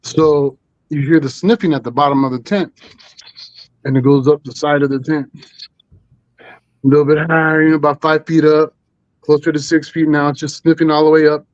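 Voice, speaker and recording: A man's voice: fairly high pitch, level tone, moderate pace, long pauses, no room sound, lo-fi sound. A man telling a story as a guest on a live stream, rambling with many fillers and restarts. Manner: rambling, full of 'you know' and restarts.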